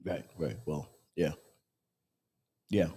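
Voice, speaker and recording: A man hosting a casual live show, chatting and bursting into loud, laughing rants. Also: rumbling low, slow pace, slightly rough. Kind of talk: casual live-stream chat.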